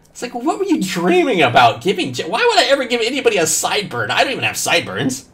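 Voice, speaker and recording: Male streamer, joking profane banter, very animated pitch, game music faintly underneath. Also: a little fast. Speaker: gaming streamer. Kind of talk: casual gameplay commentary.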